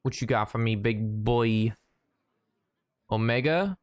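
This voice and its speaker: A man's voice: medium pitch, slow pace, pauses often, no room sound. A young man streaming a card game, chatting casually with playful jokes and mock sportscaster asides. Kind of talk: casual gameplay commentary.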